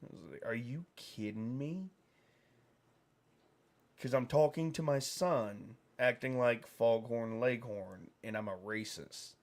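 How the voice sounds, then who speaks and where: A man's voice: medium pitch, a little slow, few pauses. A man hosting a livestream, telling a meandering anecdote in casual chat. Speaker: livestream host.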